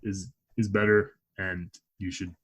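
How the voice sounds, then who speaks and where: A man's voice: low-pitched, flat delivery, unhurried. A man co-hosting a movie podcast, laid-back and trailing off into mumbles. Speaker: podcast co-host. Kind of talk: casual movie chat.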